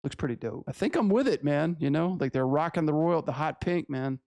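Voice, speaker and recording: A man hosting a casual animation review, excitable and full of profane slang. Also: a little high, fairly quick, gravelly, dry recording. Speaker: animation reviewer, channel host.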